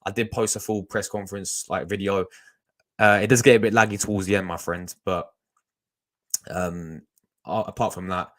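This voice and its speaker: Low-voiced guy chatting on stream. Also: steady tone, normal speed, long pauses, a bit bright. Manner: rambling, chatty, talks to chat, restarts a lot. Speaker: fan channel host reacting on a live stream. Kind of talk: casual live-stream chat.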